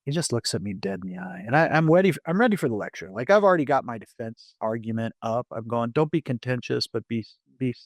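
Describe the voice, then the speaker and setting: A man speaking as a podcast guest, sharing a personal testimony in an animated storytelling way, acting out his own inner thoughts and often restarting his sentences. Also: medium pitch, quick pace, hardly any pauses, dry recording.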